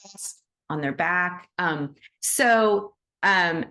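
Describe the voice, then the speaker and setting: A woman hosting an animal Reiki session over a video call, telling stories in a gentle, enthusiastic way with many "right?" asides. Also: fairly low pitch, extremely slow. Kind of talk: casual teaching chat on a video call.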